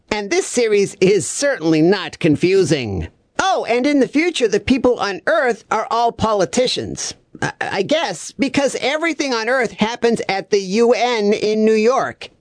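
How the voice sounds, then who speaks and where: A clueless, overeager male reviewer, as a woman plays him rattles on with mixed-up words and doubled phrases. The pitch sits a bit high and swings about in a bouncy sing-song. The recording is dry and close, with no room sound. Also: darkish tone, no echo. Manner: chirpy, absent-minded, malapropisms and doubled words. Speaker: comedic reviewer. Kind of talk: scripted comedy monologue.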